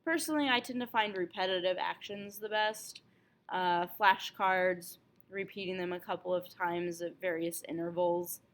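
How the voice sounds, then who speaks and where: A woman teaching French, calmly going over a test review and slowing down for example phrases. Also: on the low side. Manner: clear, patient explaining with slowed example phrases.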